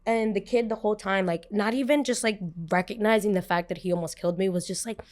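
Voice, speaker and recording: A woman hosting a podcast, telling a personal story with animated, dramatic delivery that swings from soft asides to loud bursts. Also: medium pitch, fast talker. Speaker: podcast host.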